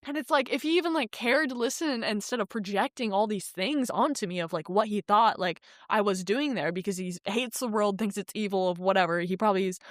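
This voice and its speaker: A woman's voice: medium pitch, brisk, hardly any pauses, no echo. Casting: young woman vlogger, loose rambling storyteller, salty language, dry close sound. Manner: rambling, heavy use of "like", frequent swearing; animated retelling with acted quotes. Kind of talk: casual storytelling.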